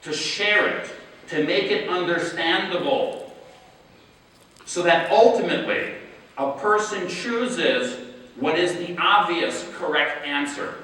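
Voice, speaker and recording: Man giving a keynote in a big echoey hall, sounds kinda far off, keeps tossing "right?" at the crowd, punches key words slowly. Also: on the high side, sharp tone. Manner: rhetorical, keeps asking "right?" to the audience; emphatic, slows to stress key words. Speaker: public health official giving a keynote. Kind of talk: conference keynote speech. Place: large conference hall.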